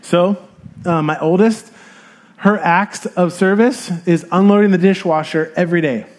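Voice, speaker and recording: A man in his thirties giving a sermon, explaining scripture in a relaxed, conversational way with fillers. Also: high voice, measured pace. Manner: light chuckles and filler sounds. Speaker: pastor.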